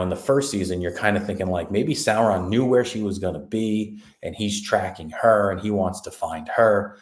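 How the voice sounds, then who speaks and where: Podcast co-host, male, low voice, sarcastic recap delivery, roomy echo. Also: darkish tone. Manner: sarcastic, mocking retelling with quick mimicked lines. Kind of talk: casual review recap.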